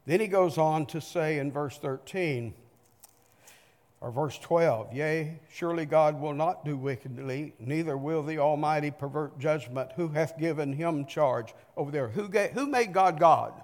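A man's voice: fairly high pitch, a little slow, a little mellow. An older man preaching a sermon, reading scripture aloud and pressing the point with emphatic rhetorical questions. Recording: long reverb from a large hall.

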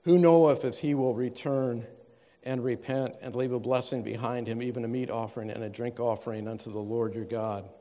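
A man preaching a sermon, reading scripture aloud with measured stress and then explaining it in plain words. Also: mid-range voice, fairly even intonation, mellow. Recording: long hall reverb.

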